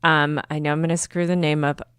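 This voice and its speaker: An easygoing woman co-host of a casual podcast. Her voice is a little low for a woman, and it sounds dry and close, with no room sound. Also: level tone, brisk, a bit bright, clean tone, no echo. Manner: easygoing, laughs along. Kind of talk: casual chat.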